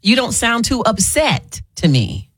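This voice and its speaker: Lively, laughing woman radio host. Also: on the high side, unhurried, slight background noise. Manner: playful, laughs often, coaching callers. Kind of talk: casual call-in chat.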